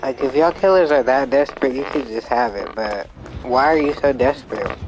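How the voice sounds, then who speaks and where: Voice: mid-range voice, normal speed, a little mellow, slight background noise, low-quality recording. A live streamer chatting casually and rambling through gameplay commentary, sometimes swearing when frustrated.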